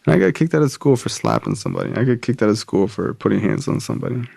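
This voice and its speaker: A man's voice: medium pitch, huge pitch swings, fast talker, gravelly, dark tone, slightly rough, dry recording, studio quality. A young man, a podcast guest, telling a candid personal story in a casual, profane way.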